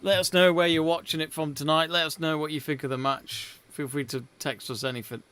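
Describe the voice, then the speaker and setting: A man's voice: on the high side, fairly even intonation, fairly quick, fairly bright tone, smooth. A man co-hosting a live sports watch-along, chatting casually and reading out viewer messages. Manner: chatty, reads out viewer messages, laughs often. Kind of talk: casual live commentary chat.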